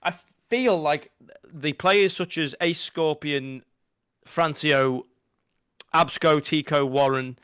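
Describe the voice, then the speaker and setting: Bright, crisp-voiced young Scouse man. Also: fairly high pitch, slow pace, dry recording. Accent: Liverpool. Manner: rambling, excitable, restarts often. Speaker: co-commentator. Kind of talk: esports pre-match analysis.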